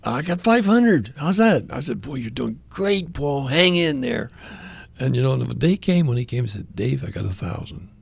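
Older male radio guest, husky storyteller, lively pitch, acts out the voices. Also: normal speed. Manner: animated storytelling, acting out quoted voices. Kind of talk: conversational testimony.

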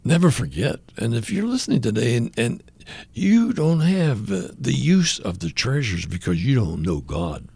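Older male radio guest, husky storyteller, lively pitch, acts out the voices. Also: normal speed, no room sound. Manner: animated storytelling, acting out quoted voices. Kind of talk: conversational testimony.

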